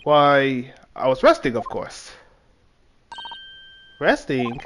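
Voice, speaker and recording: A man's voice: mid-range voice, sing-song, takes it slowly, fairly bright tone, a little hiss or hum. A man reading aloud as a pompous, eccentric male detective, theatrical and grandiose, stumbling over words now and then. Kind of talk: reading game dialogue aloud.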